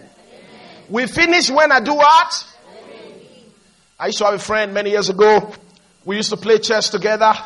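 High-voiced, impassioned male preacher. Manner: exhorting, leads the congregation to repeat lines; storytelling, builds to shouted emphasis. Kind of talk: sermon with call-and-response.

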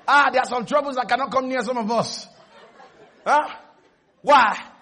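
Man, preacher, high-pitched, husky, shouting, call-and-response sermon. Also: normal speed, some chatter behind.

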